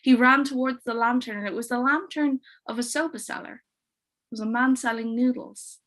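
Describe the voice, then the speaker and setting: A woman storyteller telling a ghost story on a livestream, hushed and dramatic, sometimes dropping almost to a whisper. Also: a little high, brisk.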